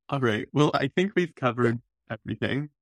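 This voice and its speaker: A man co-hosting a casual podcast chat in a laid-back, wry, deadpan way. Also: medium pitch, no echo, clean studio sound. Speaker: podcast co-host.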